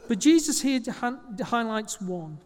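A man's voice: very high-pitched, sing-song, unhurried, darkish tone, big-room sound. A man preaching a sermon as pastor, speaking conversationally and correcting small slips as he goes.

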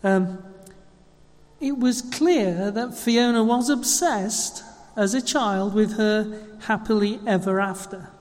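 A man with a slight cold giving a chatty, self-deprecating sermon in a church, his voice high and a little squeaky, with many ums and uhs. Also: takes it slowly, a little mellow. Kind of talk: conversational sermon. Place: church hall. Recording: long reverb of a church hall.

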